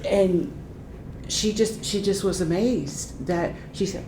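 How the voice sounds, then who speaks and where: Older woman, low voice, lively anecdotal storytelling, oral history interview, echoey room, faint rumble. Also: slow pace. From Ohio, United States. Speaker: retired transition specialist.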